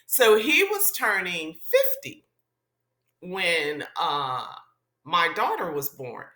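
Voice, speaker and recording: Bright-voiced woman telling a lively story. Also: lowish voice, takes it slowly, roomy sound. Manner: animated storyteller who acts out the people she quotes. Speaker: radio personality, interview guest. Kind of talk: casual storytelling interview.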